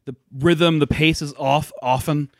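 A man co-hosting a podcast, talking thoughtfully about a film with halting restarts. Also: on the high side, steady tone, vocal fry, dry recording, clean studio sound. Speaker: podcast co-host. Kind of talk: casual chat reviewing a film.

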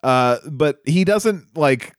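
A man's voice: on the high side, animated, takes it slowly, smooth, no echo, studio quality. A man co-hosting a casual podcast, mocking a film's choices in sardonic commentary with frequent laughter. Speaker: podcast co-host. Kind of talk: casual film discussion.

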